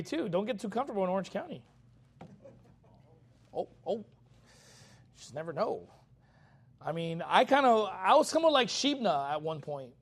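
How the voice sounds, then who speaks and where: A man with a notably high-pitched voice delivers a verse-by-verse sermon as a pastor. His talk stays casual, with frequent "okay?" check-ins. When he reads scripture, he slows down and lifts his voice. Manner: conversational, often checks in with the congregation; reads scripture in a slower, raised voice. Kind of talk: expository sermon.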